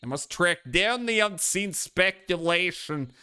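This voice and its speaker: A man's voice: high-pitched, lively intonation, measured pace, sharp tone, clean tone, dry recording, pitched above the performer's own voice, full character voice. A man reading the lines of a solemn, guilt-ridden middle-aged father and mentor from a video game. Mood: remorseful.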